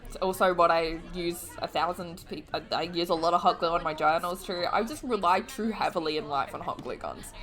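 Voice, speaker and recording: A woman's voice: on the low side, brisk, hardly any pauses, a bit bright. A woman giving casual rewatch commentary, giggly and gushing, laughing often. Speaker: reaction video host.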